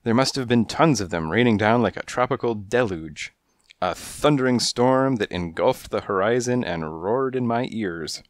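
A man narrating a first-person noir detective storybook in a hardboiled, measured storytelling manner, on a close mic. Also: medium pitch, expressive, no echo. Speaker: audiobook narrator.

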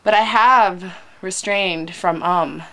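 A young woman vlogging at home to a webcam, rambling and gushing excitedly with lots of "like", a little teary. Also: medium pitch, slow pace. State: teary from crying. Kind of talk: casual fan vlog. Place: indoors at home, hot room.

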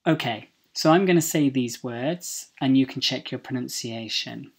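A woman's voice: rumbling low, moderate pace, few pauses, slightly rough. A woman English teacher with a British accent giving a recorded pronunciation lesson over slides, carefully saying each word twice for students to copy.

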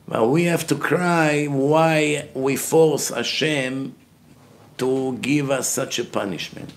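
A man's voice: mid-range voice, gravelly, slight background noise. A man giving a heated religious lecture as a rabbi, emphatic and blunt, asking questions and answering them himself. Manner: emphatic, grows loud and forceful when making a point.

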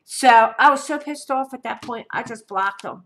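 Woman vlogger, fairly high, bright and forceful voice, indignant storyteller. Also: moderate pace. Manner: emphatic, indignant, keeps asking "okay?". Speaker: vlogger telling a personal story. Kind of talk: casual storytelling to camera.

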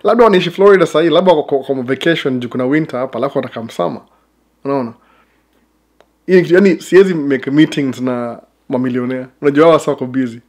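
A man's voice: medium pitch, rapid-fire. A man from Kenya with a Kenyan accent, chatting casually to camera as a vlogger, full of rambling asides and chuckles.

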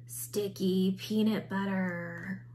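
A woman voicing a moaning male zombie with a slow, drawn-out delivery in a read-aloud storybook. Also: medium pitch, steady tone, mellow, slight background noise.

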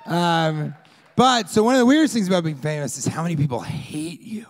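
A male stand-up comic on a club stage with a handheld mic, his somewhat high voice full of gravel. He rambles through his set, and his pitch swings wildly as he shouts out bits of crowd work and acts out fans yelling at him. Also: lively intonation, brisk. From Colorado, US. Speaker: stand-up comedian. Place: comedy club stage with a live audience.

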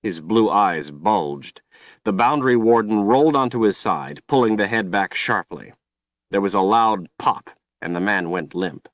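A man reading an audiobook in steady, grave scripted narration on a close studio mic. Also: lowish voice, measured pace, dry recording.

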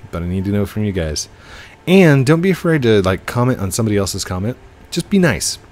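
A young man rambles cheerfully to his viewers while he plays, speaking straight to them in casual gameplay commentary. His voice sits low but swings lively in pitch, and a faint game ambience hums underneath. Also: a little hiss or hum. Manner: chatty, rambling, addresses viewers directly. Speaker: gaming channel host.

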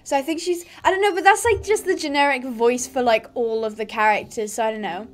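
Chatty high-voiced gamer girl. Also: brisk. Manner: chatty, giggly, rambling. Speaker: gaming YouTuber. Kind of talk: casual let's-play commentary.

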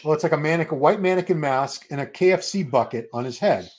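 A man's voice: fairly high pitch, fast talker, a little mellow. A middle-aged man hosting a casual livestream chat, rambling through stories. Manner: chatty, rambling storyteller. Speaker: host.

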